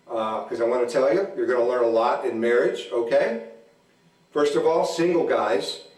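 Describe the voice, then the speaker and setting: A man in his forties doing stand-up comedy at a church event, telling deadpan stories about his marriage and acting out both sides of the arguments. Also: mid-range voice. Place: church hall. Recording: echoey hall, mic from a distance.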